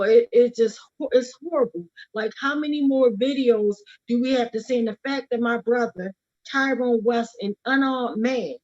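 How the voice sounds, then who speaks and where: A woman's voice: fairly high pitch, darkish tone. A woman speaking urgently and emphatically as an activist, repeating her key words for force. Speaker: activist speaking about her brother's death. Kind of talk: impassioned speech at a livestreamed rally. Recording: lo-fi livestream audio.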